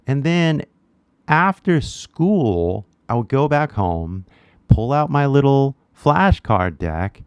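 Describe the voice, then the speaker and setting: A man's voice: mid-range voice, very animated, takes it slowly, clean tone, no echo. A Californian man giving a casual spoken lesson, chatty and peppering his talk with "right?". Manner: chatty, many rhetorical "right?" tags. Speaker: language teacher.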